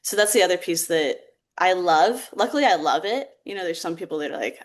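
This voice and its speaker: A young woman speaking on a podcast in a low-pitched, reflective voice. She talks casually, with plenty of "like" fillers, and laughs easily between thoughts. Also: expressive, a little fast. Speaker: therapeutic theatre practitioner, podcast guest.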